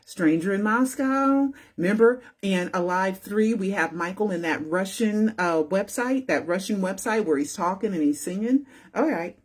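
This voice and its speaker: Breathy woman rambling through commentary. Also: medium pitch, a little mellow. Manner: rambling, repetitive, keeps asking "right?". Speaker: channel host. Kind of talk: casual on-screen commentary.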